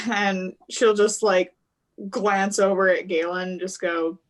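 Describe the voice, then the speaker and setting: A woman player narrating her character in a tabletop game, relaxed and affectionate. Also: medium pitch, slow pace. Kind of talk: tabletop role-play narration.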